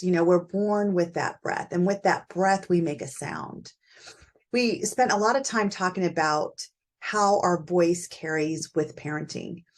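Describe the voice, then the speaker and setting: A middle-aged woman with a fairly low-pitched voice hosts a solo parenting talk. She speaks conversationally and thinks aloud as she goes, with plenty of fillers. Her tone is reflective and unscripted. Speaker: podcast host.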